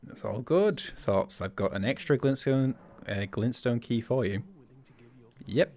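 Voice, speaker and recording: A man's voice: mid-range voice, animated, a little slow, darkish tone. Laid-back man streaming a game. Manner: chatty, laughs often, thinks aloud. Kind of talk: livestream gameplay commentary.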